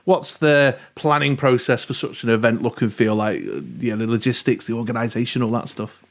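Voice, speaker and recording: A chatty host with a northern English accent asks questions and drifts into friendly tangents, laughing at himself. His voice sits at an ordinary middle pitch for a man. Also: fairly quick. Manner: chatty, self-deprecating, prone to tangents. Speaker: interview host. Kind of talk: casual interview chat.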